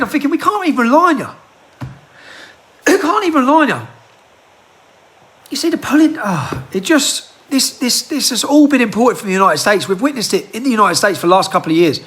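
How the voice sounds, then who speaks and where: Into a handheld phone, a political commentator with a high-pitched, bright and forceful voice delivers a heated rant. It's an impassioned monologue to camera, loaded with rhetorical questions.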